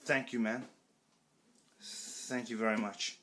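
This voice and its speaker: Excitable man, bright and brash. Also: mid-range voice, takes it slowly. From Australia. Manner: excitable, loud and swearing, repeats himself. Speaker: collector showing off a box set. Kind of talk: excited unboxing vlog. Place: room at home.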